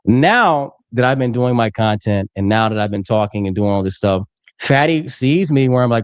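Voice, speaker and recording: Man in his twenties, rapid heated debater, swings pitch wildly, profane, dry close sound. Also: expressive, dry recording. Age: 20s. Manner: aggressive, swearing, talks over others. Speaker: political commentator. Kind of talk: heated debate on a live stream.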